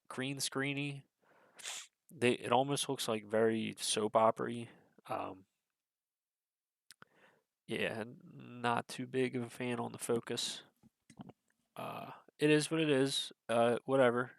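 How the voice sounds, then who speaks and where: A man's voice: mid-range voice, slow pace, gravelly, long pauses, no echo, clean studio sound. A young man reacting to a trailer in casual commentary, rambling and swearing with many fillers, his nose stuffy. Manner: rambling, swears a lot, hesitant with many fillers, swings to excited bursts. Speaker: video creator reacting to a trailer.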